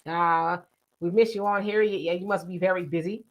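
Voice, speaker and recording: A woman's voice: fairly low pitch, fairly even intonation, moderate pace. A woman co-hosting a casual live discussion, reading viewer comments aloud and answering them conversationally. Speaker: livestream co-host reading chat.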